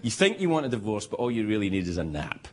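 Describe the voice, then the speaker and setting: A man's voice: fairly low pitch, very animated, quick pace. A middle-aged man, a late-night host giving a stand-up monologue, rambling and self-interrupting and chuckling at his own jokes, with audience laughter behind him. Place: TV studio with live audience. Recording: noisy studio audio with crowd laughter.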